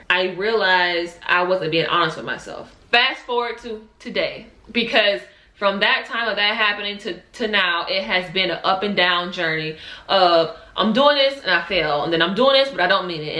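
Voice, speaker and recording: A woman's voice: mid-range voice, bright, forceful tone, roomy sound. A young adult woman, candidly telling an emotional personal story in a vlog. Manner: emotional, candid, Southern-tinged slang. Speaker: vlogger.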